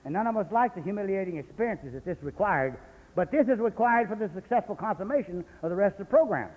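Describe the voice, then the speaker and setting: A high, animated voice at a quick pace belongs to an AA speaker from San Jose, California. At a convention, he shares blunt, folksy recovery stories full of profanity, preserved as an echoey hall recording on lo-fi 1980s cassette.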